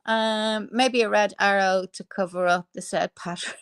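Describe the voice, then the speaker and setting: A woman's voice: medium pitch, steady tone, unhurried, a bit bright, smooth, no room sound, studio quality. A woman hosting a casual live stream, reading viewer comments with sarcasm, frequent swearing and laughter. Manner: sarcastic and profane, laughing often.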